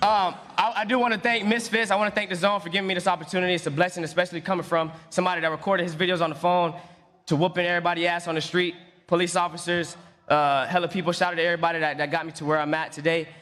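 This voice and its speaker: A man's voice: sits high, level tone, very fast, a bit bright. A man, a boxer, trash talking at a press conference in a taunting, slangy way. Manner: taunting, slangy, repeats "you dig". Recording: reverberant hall with crowd.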